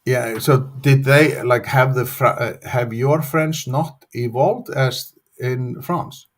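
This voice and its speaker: Male host, unhurried, hesitant, joking manner. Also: medium pitch. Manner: slow, hesitant, playful. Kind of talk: casual interview chat.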